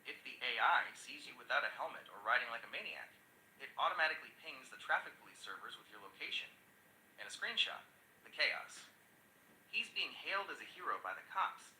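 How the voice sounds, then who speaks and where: A man's voice: mid-range voice, expressive, fairly quick, sharp tone. A man's synthetic voice, chirpy and eager to please, telling jokes and recapping news. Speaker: AI chat assistant. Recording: echoey room with faint noise.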